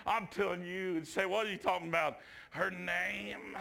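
A man preaching a revival sermon in a church, drawling folksy asides and shouting at the climaxes. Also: high-pitched, fairly even intonation, normal speed, gravelly.

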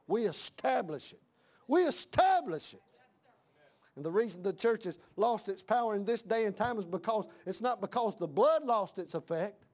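High-voiced preaching man, fiery sermon. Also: brisk, few pauses. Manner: preaching with rising shouted emphasis and repeated lines. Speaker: pastor. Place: church.

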